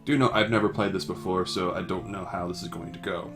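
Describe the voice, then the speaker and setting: A young man with a fairly low voice reads a text-based game aloud in a loose, casual way. He curses freely and stumbles over words as he goes, while faint game music plays in the background. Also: steady tone, brisk. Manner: laid-back, swears often, stumbles over words. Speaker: game reader. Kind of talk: casual let's-play reading.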